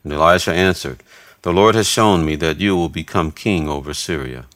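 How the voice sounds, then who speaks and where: Low-voiced man reading scripture. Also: dry recording. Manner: measured, even reading of narration and quotes alike. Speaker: scripture reader.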